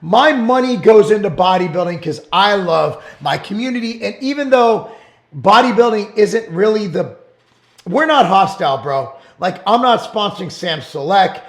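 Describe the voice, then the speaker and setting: A middle-aged man hosting his own show, talking bluntly and emphatically in a casual monologue, sometimes rising to shouts. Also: sits high, lively intonation, normal speed. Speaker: show host and supplement business owner. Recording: roomy echo.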